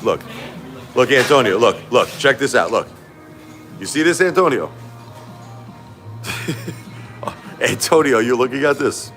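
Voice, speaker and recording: A man's voice: mid-range voice, takes it slowly, pauses often, a bit bright, soft background music. A middle-aged man hosting a casual livestream, talking back to his chat in an emphatic, repetitive way. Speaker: livestream host.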